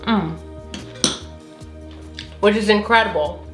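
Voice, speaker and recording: A woman's voice: mid-range voice, slow, roomy sound, music in the background. Chatty woman with a slight Southern accent. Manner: chatty, filler-heavy, giggly. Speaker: recipe vlogger. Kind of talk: casual recipe demo.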